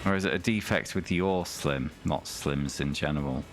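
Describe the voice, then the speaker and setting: A man's voice: a bass voice, moderate pace, over music. A man streaming a retro racing game, chatting casually with his viewers and reading things aloud with dry comments.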